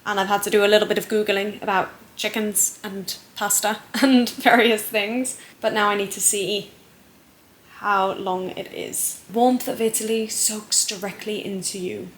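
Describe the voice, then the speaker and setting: A woman's voice: medium pitch, little pitch movement, measured pace, reverberant. A woman chatting casually to camera at home, thinking aloud in a self-deprecating way. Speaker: vlogger.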